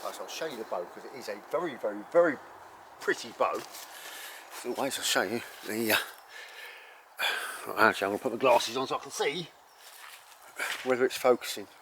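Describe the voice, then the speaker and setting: A man hosting an archery channel, talking casually and rambling with many ums and self-corrections while reviewing a bow outdoors in bright sun. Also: mid-range voice, lively intonation, a little fast, long pauses, a little hiss or hum. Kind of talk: casual unscripted gear review.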